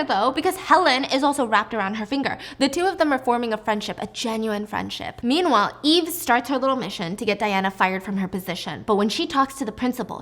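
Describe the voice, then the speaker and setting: A woman vlogger retelling a drama story in a chatty, expressive, casual way. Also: high voice.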